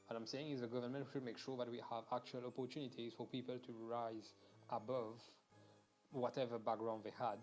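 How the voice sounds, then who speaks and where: A young man rants on his game stream, animated and blunt, swearing freely and restarting his sentences as he goes. His voice sits at an ordinary middle pitch, with quiet game music running underneath. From Mauritius. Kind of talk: casual ranting during a game stream.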